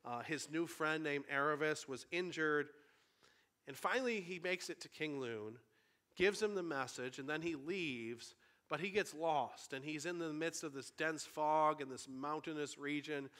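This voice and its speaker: A man's voice: on the high side, unhurried, bright, forceful tone. A man preaching a sermon, retelling a story in an earnest, conversational way.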